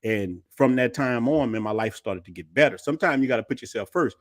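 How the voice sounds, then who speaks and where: Middle-aged man, podcast host, slangy animated storytelling, close dry mic. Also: mid-range voice, a little fast, no room sound. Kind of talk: casual podcast chat, storytelling.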